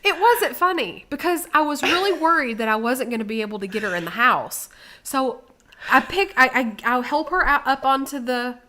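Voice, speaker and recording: Bright, animated woman telling a story. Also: high voice, moderate pace. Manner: animated, acts out quotes with rising volume. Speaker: co-host. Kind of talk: casual storytelling chat.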